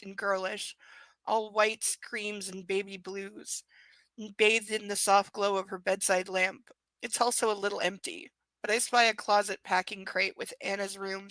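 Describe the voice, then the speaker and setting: Woman doing a live book reading, crisp bright voice, snarky side comments, dry close sound. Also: mid-range voice, no echo, poor audio. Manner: sarcastic asides, laughing at the text. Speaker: reader.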